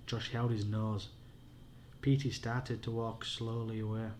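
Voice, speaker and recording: A man's voice: on the low side, little pitch movement, a little slow, darkish tone, a little hiss or hum. A man with a Yorkshire accent reading a spooky children's book aloud at home as a bedtime story, in a plain, unpolished way with the odd slip.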